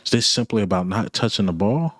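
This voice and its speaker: A man's voice: fairly low pitch, expressive, brisk, a bit bright, no echo, clean studio sound. A man ranting about his football team, blunt, frustrated and repetitive, in casual sports talk. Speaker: sports commentator.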